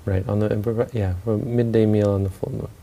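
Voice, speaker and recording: Gravelly low-voiced male storyteller. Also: fairly even intonation, moderate pace, dark tone. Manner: loose, with fillers and restarts. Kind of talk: spoken storytelling talk.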